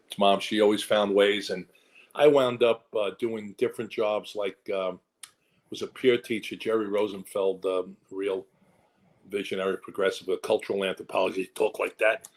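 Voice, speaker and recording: A man's voice: on the low side, low-quality recording. An older man with a New York accent, a guest actor telling rambling stories in a casual interview and acting out the voices he quotes.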